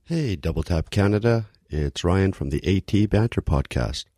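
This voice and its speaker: A man's voice: low voice, expressive, normal speed, mellow, dry recording, studio quality. A man who hosts a podcast leaving a friendly voicemail while showing an old device. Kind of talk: casual voicemail message.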